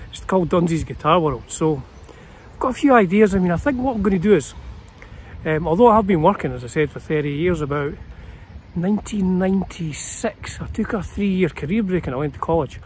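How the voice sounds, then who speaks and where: A Scottish man in his fifties with a slightly raised pitch, rambling casually on a vlog. He talks outdoors in a small city park, with faint traffic noise behind him. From Scotland. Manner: chatty and meandering, with many fillers and restarts. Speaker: guitar channel host.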